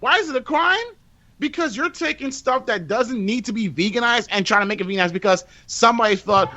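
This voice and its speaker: A man's voice: very high voice, fairly quick, bright, forceful tone. A man co-hosting a podcast, going on a profane, exasperated rant in casual chat. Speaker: podcast co-host. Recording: dull lo-fi audio.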